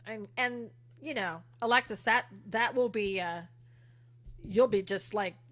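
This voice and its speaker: A woman's voice: on the high side, unhurried, fairly bright tone. A middle-aged woman hosting a casual livestream, reading viewer comments aloud and answering them with sarcasm and frequent laughs. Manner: sarcastic, chatty, laughs often.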